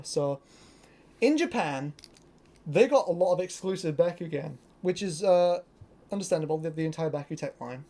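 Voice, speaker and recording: A young adult from Britain, a toy collector chatting casually through a show-and-tell, excitable and rambling with lots of fillers. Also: medium pitch, normal speed, pauses often.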